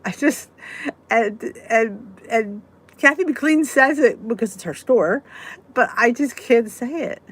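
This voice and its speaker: A woman's voice: fairly high pitch, animated, slow, breathy edge. A woman hosting a casual live weight-loss chat, answering viewer comments in a chatty, giggly way. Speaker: weight-loss vlog host.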